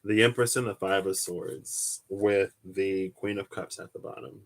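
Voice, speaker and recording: A young man chatting casually on a live stream while reading tarot cards, rambling through stories and jumping into high, laughing outbursts. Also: measured pace. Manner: rambling storyteller, animated, bursts into high-pitched squeals and laughter.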